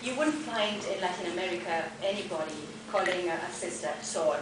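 A woman from Argentina, Spanish her first language, talks casually on a translators' panel. She stumbles and repeats words as she works out her English phrasing. The sound comes from far off in a very echoey room with a noisy background. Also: lowish voice. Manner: halting, repeats words while searching for phrasing. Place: conference room.

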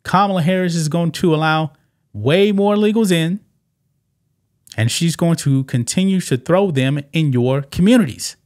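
A man's voice: on the high side, normal speed, darkish tone. A man hosting political commentary over clips, emphatic and repetitive, who keeps tossing in "man". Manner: emphatic, repeats points and keeps saying "man". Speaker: commentary channel host.

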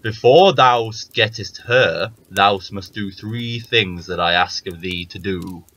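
Man voicing a wrathful giant for a fairy tale read-aloud; slow, loud, low and menacing. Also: exaggerated voice. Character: huge wrathful old male giant.

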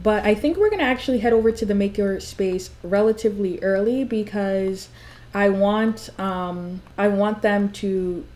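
A young woman casually commenting on a life-sim game, gushing and excitable, with big high swoops when she gets thrilled. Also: moderate pace. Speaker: gameplay commentator.

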